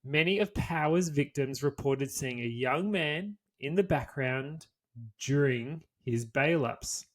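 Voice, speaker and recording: A man's voice: on the high side, expressive, takes it slowly. A man, co-hosting a podcast and reading a history story aloud from notes before slipping into casual chat. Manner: casual, swears freely, reads from notes. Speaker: podcast co-host.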